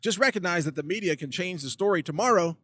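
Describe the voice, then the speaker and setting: A man's voice: sits high, animated, fast, bright, forceful tone, no echo. A man hosting his own political video blog, delivering a sarcastic, emphatic rant. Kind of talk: ranting political commentary.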